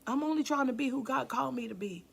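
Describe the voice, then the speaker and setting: A woman pastor with a high, husky voice and vocal fry preaches fast and passionately. She calls out to the congregation, sometimes dropping almost to a whisper for emphasis.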